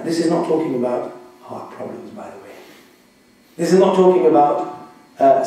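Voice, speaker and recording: A man giving a religious lecture, explaining slowly and deliberately and checking that his listeners follow. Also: a little high, dark tone. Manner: slow, deliberate explaining with audience check-ins. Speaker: Islamic teacher. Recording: echoey room, mic far off.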